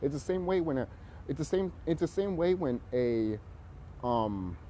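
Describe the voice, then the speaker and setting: Male vlogger, rambling combative rant, heavy swearing, low warm tone. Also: expressive, measured pace, a little hiss or hum. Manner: profane, confrontational, full of fillers.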